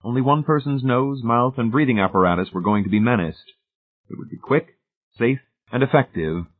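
A man's voice: mid-range voice, moderate pace. Man narrating over a tinny line. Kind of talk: audiobook narration. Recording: tinny phone-like band.

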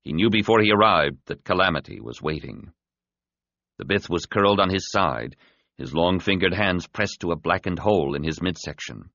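Deep, husky male audiobook narrator. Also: normal speed, no room sound. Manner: expressive, dramatic reading. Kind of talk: scripted narration. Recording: slightly dull, dry studio recording.

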